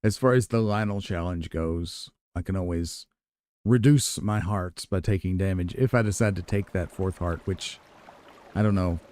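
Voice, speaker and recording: A man giving relaxed, musing commentary as he plays a video game, chuckling at himself now and then. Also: sits low, moderate pace, no room sound. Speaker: let's play gamer. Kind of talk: casual gameplay commentary.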